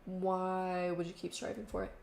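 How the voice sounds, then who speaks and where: A woman's voice: fairly low pitch, monotone, normal speed, gravelly, darkish tone. A young woman telling a story in casual chat, lots of fillers and quoted voices, recorded in an echoey room. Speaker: vlogger. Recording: echoey room with faint noise.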